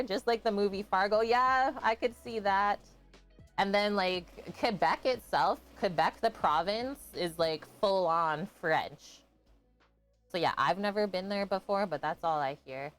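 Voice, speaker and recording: A woman from Canada chatting casually on a live cooking stream, greeting and thanking viewers by name and laughing often. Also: medium pitch.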